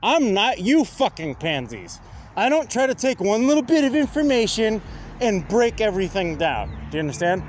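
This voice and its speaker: High-voiced man ranting combatively. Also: sing-song, normal speed, a little hiss or hum. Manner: combative, profane, keeps asking "Do you understand?". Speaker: vlogger. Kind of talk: ranting monologue to viewers.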